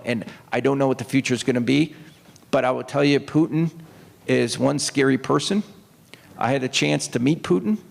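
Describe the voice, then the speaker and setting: A man's voice: mid-range voice, creaky. A man who is a retired Navy officer and author, telling rambling anecdotes to an audience on a stage, with restarts and quoted voices. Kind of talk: storytelling talk to an audience. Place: opera house stage. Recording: long hall reverb.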